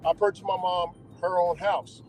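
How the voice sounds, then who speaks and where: A man from Hawaii chatting casually from his car, talking loosely with slang and halting restarts. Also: high-pitched, level tone, a little mellow, a little hiss or hum, low-quality recording. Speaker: delivery driver and channel host. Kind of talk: casual chat while driving.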